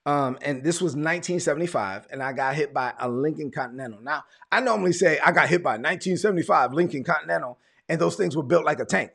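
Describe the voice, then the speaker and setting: A man's voice: a little high, quick pace, gravelly, fairly bright tone, breathy edge. A man, a pastor telling his testimony in a sermon, repeating words as he tells the story. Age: 40s.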